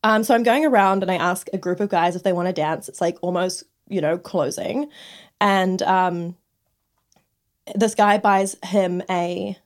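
A woman's voice: fairly low pitch, steady tone, a little slow. A young woman co-hosting a podcast, telling stories in a chatty, giggly way with plenty of fillers. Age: young adult. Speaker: podcast co-host. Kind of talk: casual chat, storytelling.

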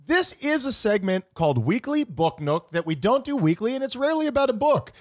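A young man co-hosting a comedy podcast, joking in a lively sing-song way. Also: very high voice, brisk. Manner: jokey, animated, sing-song delivery. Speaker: podcast co-host. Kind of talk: casual comedic podcast banter.

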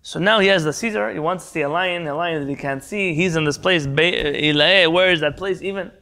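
Briskly and in a sharp tone, a man with a slightly high voice teaches Talmud over video call as a Torah teacher. He translates Hebrew words, quizzes his students and jumps around between points.

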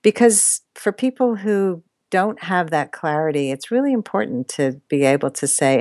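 Low-voiced woman telling stories animatedly. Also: moderate pace, few pauses, dry recording, clean studio sound. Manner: animated, laughs often, expressive pitch swings. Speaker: guest, dating coach. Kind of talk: interview storytelling.

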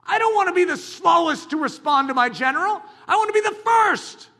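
A man preaching a sermon as a pastor, talking in an animated, dramatic way with bursts of shouting. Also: very high-pitched, fairly quick.

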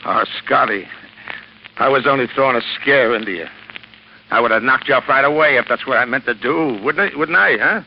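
An actor playing a scheming gangster with a gravelly, wheedling voice, in 1940s radio acting style on a dull old broadcast. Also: male voice, mid-range voice, fairly quick, a little hiss or hum, natural voice. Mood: pleading. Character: gravelly scheming gangster, cowardly when cornered.

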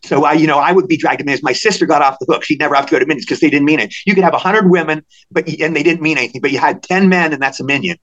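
Rapid-fire excitable older man, lo-fi sound. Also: on the high side. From Cumberland, Maryland. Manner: rapid, excitable, repeats words and restarts. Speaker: guest actor. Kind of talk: animated storytelling in a podcast interview.

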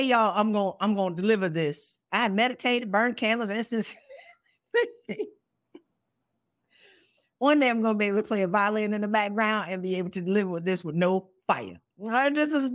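A woman's voice: medium pitch, expressive, brisk. A woman in her forties hosting a motivational podcast, fiery and blunt, piling up pointed questions and talking straight to the listener in slangy, direct speech. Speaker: podcast host.

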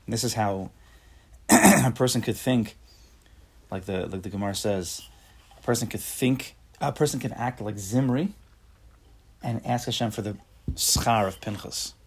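A Torah teacher with a fairly low, breathy-edged voice gives a relaxed class, reading from a text and unpacking it. He speaks unhurriedly with long pauses, slips into angry everyday voices, and poses questions to his students.

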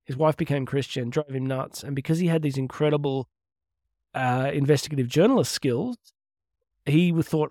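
A man's voice: mid-range voice, a little fast, darkish tone, no room sound, clean studio sound. A middle-aged man hosting a podcast, talking in an earnest, chatty way with laughs and asides. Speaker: podcast host and Catholic speaker. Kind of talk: casual heartfelt podcast monologue.

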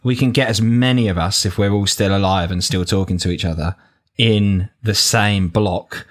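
A man's voice: lowish voice, normal speed. A young man with a London accent, co-hosting a podcast in casual, chatty talk. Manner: chatty and laughs easily. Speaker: podcast co-host. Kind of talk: casual chat.

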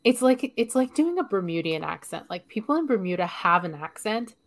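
A woman's voice: mid-range voice, sing-song, fairly quick. A chatty woman with a light Canadian accent trades thoughts as a podcast co-host. She laughs often, trips over her own restarts, and keeps the talk loose and casual. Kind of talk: casual chat.

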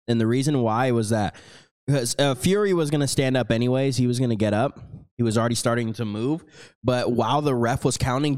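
A young man co-hosting a podcast, talking in a loose, profane and animated way in casual chat. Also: mid-range voice, no room sound, clean studio sound. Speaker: podcast co-host.

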